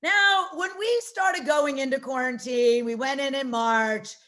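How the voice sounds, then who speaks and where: Brash high-voiced woman doing stand-up. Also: measured pace. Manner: brash, self-mocking, profane, animated storytelling. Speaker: stand-up comedian. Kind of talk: stand-up comedy over video call. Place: home garage. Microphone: video call.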